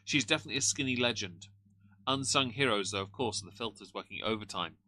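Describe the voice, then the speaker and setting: Male stream host, sarcastic and dismissive; bright, edgy tone, lowish pitch. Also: fast, no room sound. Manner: dry, snarky, dismissive asides. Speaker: commentary livestream host. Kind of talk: sarcastic livestream commentary.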